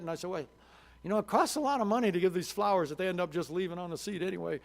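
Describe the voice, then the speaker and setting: A man's voice: high-pitched, very fast, creaky. A male pastor preaching a sermon in church, telling a story with many restarts and rising to emphatic peaks. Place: church sanctuary.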